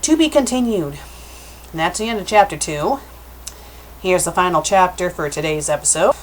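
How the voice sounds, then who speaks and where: A woman's voice: on the low side, moderate pace, slight background noise. A woman doing a comedic reading of fan fiction, often stopping to correct herself and add joking asides. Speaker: fanfic critic. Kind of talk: comedic dramatic reading with commentary.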